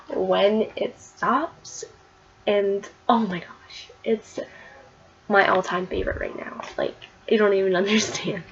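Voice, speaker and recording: A woman sits recapping a comic book issue for her vlog, her talk loose and rambling with many fillers and restarts. She gushes as she goes, her voice at an everyday mid pitch. The sound is slightly dull and lo-fi, with a faint hiss underneath.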